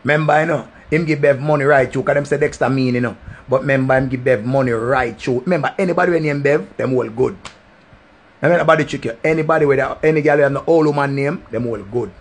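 A man's voice: mid-range voice, fast talker. A man with a Jamaican accent telling a crude, rambling story in heavy patois, full of swearing. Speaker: vlogger.

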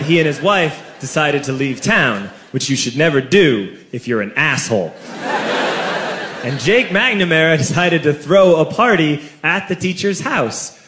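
Male stand-up comedian, slightly raised voice, animated storyteller who bursts into shouts, recorded live in an echoey club with loud crowd noise. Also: a little high. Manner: animated, speeds up and shouts at punchlines. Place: comedy club stage before a live audience.

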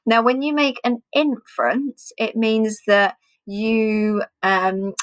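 A woman teacher explaining a reading comprehension task to primary pupils, chatty with pauses and fillers. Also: fairly high pitch, fairly even intonation, low-quality recording. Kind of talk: home learning reading lesson.

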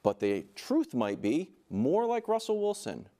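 A man's voice: a little high, huge pitch swings, unhurried, mellow. A man on a sports talk show panel who frames his points as stories. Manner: narrative, storytelling framing. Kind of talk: sports debate.

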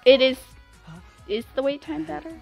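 A woman's voice: sits high, moderate pace, gravelly, dull audio, faint music behind. A young woman streaming a game live, effusively and dramatically thanking her viewers with lots of exclamations.

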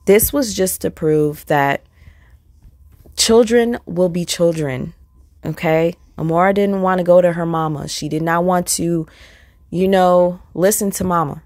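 A woman's voice: on the low side, unhurried, a little mellow, no echo. A woman hosting a commentary video, talking bluntly and scornfully and asking her viewers rhetorical questions. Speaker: commentary channel host. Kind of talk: opinionated commentary.

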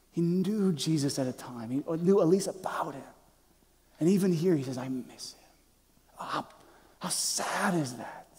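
A man preaching a sermon as pastor, impassioned, swinging from loud emphasis to hushed near-whispers and often restarting his words. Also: on the high side. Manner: repeats and restarts words as he speaks. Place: church sanctuary. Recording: long reverb of a large church hall.

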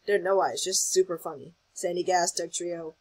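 A host giving casual gameplay commentary, excitable and rambling, thinking aloud as they play. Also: mid-range voice, normal speed, poor audio. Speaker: gaming channel host.

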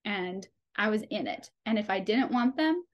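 A young adult woman, a podcast guest, telling a personal birth story with animated delivery, often laughing and acting out dialogue. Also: mid-range voice, moderate pace, lo-fi sound.

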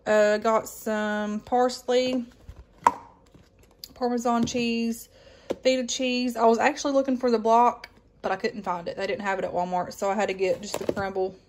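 A woman's voice: on the high side, level tone, normal speed, noisy background. A woman, casually chatting through a grocery haul with lots of ums and folksy asides. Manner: rambling with many ums, folksy Southern-style exclamations. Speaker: vlogger showing a grocery haul. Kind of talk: casual chat.

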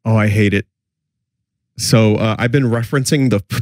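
A man's voice: medium pitch, brisk, no room sound. A man from the New York area reacts to a run of old commercials, cracking wry jokes and laughing at them. His voice sits in a middle register and the sound is dry and close. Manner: wry, mocking, laughs often. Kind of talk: casual chat with jokes.

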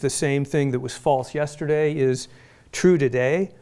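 A middle-aged man from Phoenix giving a prepared public lecture, measured and deliberate, with pointed emphasis. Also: medium pitch, fairly even intonation, mellow. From Phoenix, Arizona, US. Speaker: guest lecturer. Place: lecture hall.

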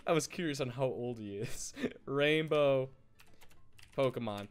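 A man's voice: medium pitch, animated, slow. A man hosting a let's play, giggly and rambling, easily sidetracked while chatting through the game. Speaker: gaming channel host.

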